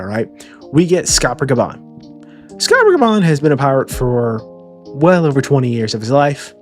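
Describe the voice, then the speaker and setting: Stammering, joking man reviewing a chapter. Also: mid-range voice. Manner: rambling, stammering repeats, joking with profanity. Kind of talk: casual chapter reaction.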